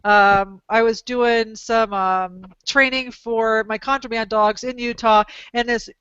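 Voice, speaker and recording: A woman hosting a dog training talk show, telling long animated stories with exclamations and restarts. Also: on the high side, slow, clean tone, no room sound, muffled recording. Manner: animated, rambling anecdotes with exclamations. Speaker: podcast host, dog trainer. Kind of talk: casual storytelling chat.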